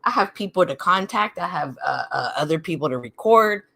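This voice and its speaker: A woman's voice: fairly low pitch, expressive, fairly quick, gravelly, pushed and bright. Emphatic middle-aged woman hosting. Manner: emphatic, repeats points, mimics others in quoted asides. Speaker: podcast host. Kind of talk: heated casual chat.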